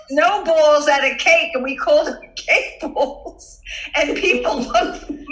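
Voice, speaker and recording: A woman's voice: high voice, slow. An older woman and former college basketball player, telling stories with a lot of laughter. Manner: laughing, animated storyteller. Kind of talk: reminiscing conversation. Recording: roomy echo.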